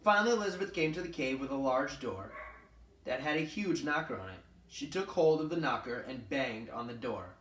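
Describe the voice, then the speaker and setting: A man reading a children's picture book aloud in an expressive read-aloud manner, with asides to his listeners. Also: medium pitch, fairly quick. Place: room at a children's center. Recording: roomy echo from a distant mic.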